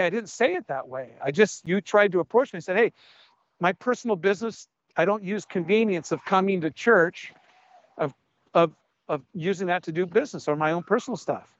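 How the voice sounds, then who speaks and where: High-voiced older male pastor preaching. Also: animated, a little fast, dry recording. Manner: blunt, conversational preaching with scripture reading. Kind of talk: sermon. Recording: dull lo-fi dry sound.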